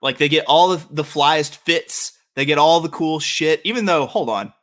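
A man with a Southern drawl hosts a sports chat, his voice bright and forceful. He rants hard, swears freely and gets animated, jumping up in pitch when worked up. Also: moderate pace. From Southern US (Louisiana). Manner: profane, animated ranting. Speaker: podcast host.

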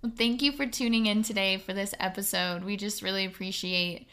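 A woman's voice: mid-range voice, fairly even intonation, fairly quick, bright, forceful tone, clear, resonant tone. A woman hosting a podcast, talking in an earnest, encouraging way and laughing easily. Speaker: podcast host. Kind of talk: casual podcast conversation.

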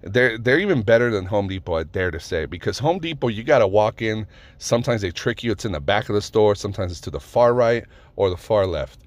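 A lower-voiced man spinning a casual story as a rant, cursing freely. He rambles, trips over his sentence starts and leans on "um" and "like" as he goes. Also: animated, a little fast, no room sound. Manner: rambling, profane, many fillers and restarts.

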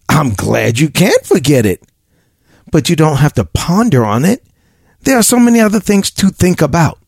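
A man's voice: sits high, gravelly, a little mellow, no echo, studio quality. A man hosting an advice podcast, talking in an emphatic, preachy way and laughing often.

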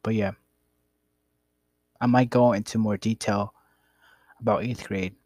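A man's voice: on the low side, steady tone, measured pace, a little mellow, no room sound. A young man casually telling a rambling, profane story about his past. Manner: rambling, profane, laid-back.

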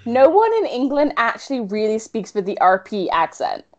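A woman's voice: a little high, sing-song. A woman co-hosting a casual podcast, jumping in with firm opinions. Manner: opinionated, quick to jump in. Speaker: podcast co-host. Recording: dull lo-fi audio.

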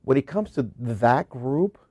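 A married man co-hosting a podcast, chatting casually and slowing down to press his points. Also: mid-range voice, expressive, warm tone, no echo. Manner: emphatic, slows down to make a point. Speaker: podcast co-host. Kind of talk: casual chat.

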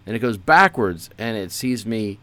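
A man co-hosting a podcast, telling playful deadpan stories in casual comedic chat. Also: fairly low pitch, moderate pace. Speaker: podcast co-host.

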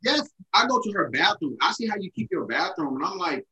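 A man's voice: high-pitched, brisk, echoey room, crowd noise, poor audio. A young man co-hosting a podcast, telling stories in casual chat, slangy and swearing freely. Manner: animated storyteller, swears a lot, slangy. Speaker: podcast co-host.

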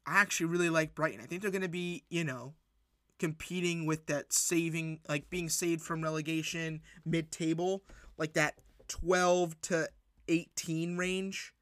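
A man hosting a solo sports podcast, recapping matches in an excitable, rambling way with lots of fillers and restarts. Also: on the high side, unhurried, no room sound, clean studio sound. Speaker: podcast host.

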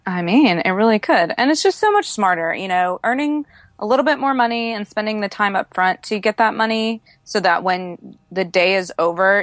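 A woman speaks as a podcast guest in an earnest, casual way and often fills her speech with "like". Her voice is a little low for a woman. It is recorded dry, with no room sound. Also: fairly bright tone, no room sound. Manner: earnest, sprinkles in fillers like "like". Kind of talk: casual chat.

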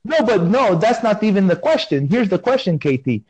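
Man in a lively put-on comic persona. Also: high voice, normal speed, husky, dry recording, low-quality recording. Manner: playful deadpan put-on persona, insisting he has no accent. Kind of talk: comic in-character chat. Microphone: phone call.

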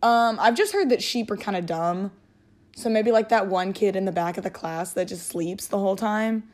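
A woman chatting casually on her own podcast in an easy, mid-pitched voice. She rambles from thought to thought, giggling and leaning on filler words. Her talk is loose and unscripted. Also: moderate pace, a little mellow. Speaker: podcast host. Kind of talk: casual solo chat.

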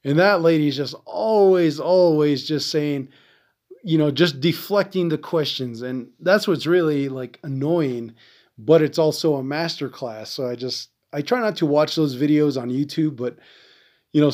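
A slightly high-voiced man from the Navajo Nation hosts a veterans podcast in loose, casual storytelling. He swears freely, trails off and stops to hunt for words. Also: moderate pace, darkish tone. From Navajo Nation, American Southwest. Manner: profane, rambling, often searches for words.

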